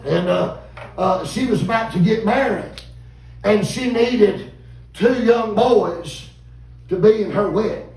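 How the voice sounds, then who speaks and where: A man, preaching a revival sermon in a folksy, animated storytelling way and calling out to the congregation. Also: high voice, slow. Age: 50s. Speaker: visiting preacher. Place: church sanctuary. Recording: echoey church room, mic at a distance.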